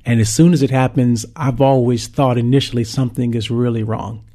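A man's voice: medium pitch, steady tone, a little fast, mellow. A man from St. Louis, a worship leader, telling his faith story in an earnest, heartfelt way with frequent ums. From St. Louis, Missouri, USA. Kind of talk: personal faith testimony.

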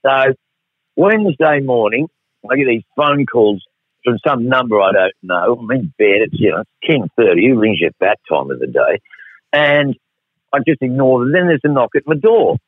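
A man's voice: medium pitch, sing-song, normal speed, slightly rough, no room sound. A middle-aged Australian man telling a rambling, profane, wry story as a radio guest. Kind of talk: casual storytelling on air. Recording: tinny phone line, dry.

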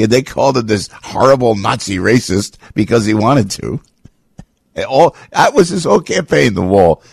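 A man hosting a talk radio show, delivering an opinionated rant that keeps repeating itself and suddenly leaps up into a high pitch. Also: vocal fry, a little mellow, husky, no echo. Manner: ranting, repetitive, sudden jumps to a high pitch. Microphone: studio radio microphone.

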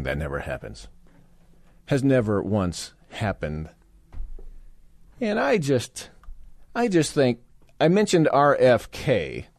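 A man's voice: medium pitch, a little mellow, no echo. A man guest-hosting a radio talk show, delivering a rambling monologue with sarcastic asides. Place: radio studio. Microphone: studio microphone.

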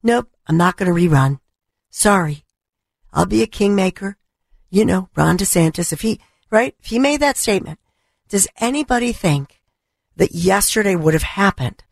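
A middle-aged woman hosting a talk radio show, her voice hoarse from allergies, delivering an impassioned, indignant monologue. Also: mid-range voice, dry recording, studio quality. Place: radio studio. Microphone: studio microphone.

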